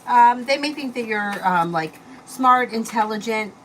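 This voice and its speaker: Woman doing tarot on a live stream at home, bit high voice, lots of ums, noisy background. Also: animated, a little slow, fairly bright tone. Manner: reads viewer questions aloud, then answers loosely with fillers. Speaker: tarot reader.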